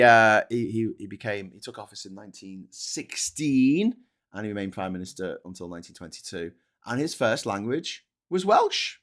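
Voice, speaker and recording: A man's voice: lowish voice, a bit bright. A man from Liverpool hosting a casual livestream chat, rambling and swearing often with frequent restarts. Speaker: host.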